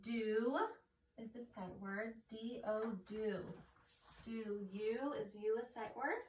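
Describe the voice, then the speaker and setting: A woman teacher giving an early reading lesson, sounding out and spelling words slowly and carefully. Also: on the high side, steady tone, a little mellow, slight background noise. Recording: echoey room, mic at a distance.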